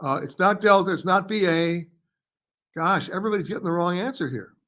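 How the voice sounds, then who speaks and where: A man's voice: high voice, a bit bright. Chatty male travel host answering viewers. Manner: chatty, reads viewer comments aloud, quick verdicts. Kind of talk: live Q&A with viewers. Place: hotel or studio in Paris.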